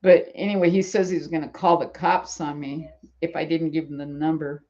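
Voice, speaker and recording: A woman's voice: sits low, fairly even intonation, moderate pace, mellow, muffled recording. A woman of seventy, chatting on her live stream from home, who rambles, laughs often and acts out what others said. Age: 70s. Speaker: channel host. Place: at home in bed.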